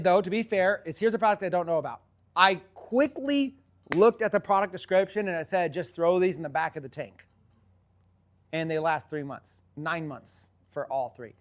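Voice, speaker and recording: A man coaching online sellers in a casual, rambling teaching talk, often repeating himself. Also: high-pitched.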